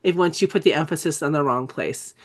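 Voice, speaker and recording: A woman's voice: low voice, fairly quick. A middle-aged woman, a dyslexia educator, giving a live teaching webinar in a chatty way, correcting herself often and laughing at her own slips.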